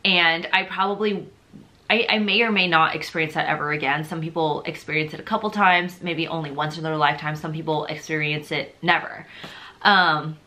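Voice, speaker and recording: A young woman shares her faith testimony in a low yet bright, forceful voice. She talks casually and rambles, leaning on "like" and "you know", and is openly emotional and confessional. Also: steady tone, normal speed. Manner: chatty and rambling, heavy on fillers like "like" and "you know".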